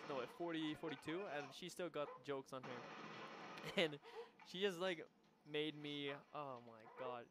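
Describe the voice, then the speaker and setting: A man's voice: on the high side, moderate pace, background noise. A sixteen-year-old boy casually telling a rambling, funny story over his gameplay video, often breaking into laughter and swearing offhandedly. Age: teenager, 16. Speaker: gamer commentating his own gameplay video.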